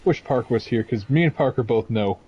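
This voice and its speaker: A man chatting casually as a guest while gaming, with dry quick quips. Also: mid-range voice, animated, dull audio, over a noisy crowd. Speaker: guest gamer.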